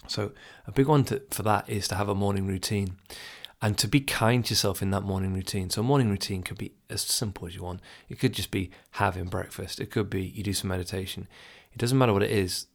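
Low and creaky, this man talks fast as a self-help speaker offering casual advice about overthinking. He's reflective, chuckles here and there, and plays out his inner thoughts aloud for the listener.

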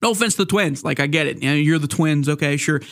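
Man, solo sports podcast host, fairly high voice, dry close sound, playful rambling commentary. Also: fast talker, a bit bright, dry recording. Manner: joking, playful asides; rambling with many fillers and restarts.

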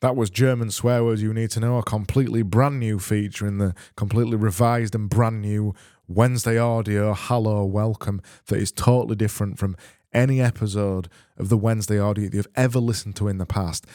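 A man's voice: on the low side, steady tone, fairly quick, dark tone, no echo, studio quality. A man hosting a comedy podcast, ranting sarcastically and swearing freely. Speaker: podcast host. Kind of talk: casual comedic podcast monologue.

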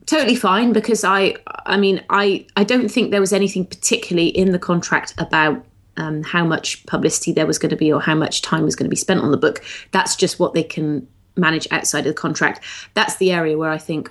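A woman's voice: low-pitched, fast. A woman co-hosting a podcast about writing, chatting casually and poking fun at herself. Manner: self-deprecating, lively, laughs easily. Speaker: podcast co-host, poet.

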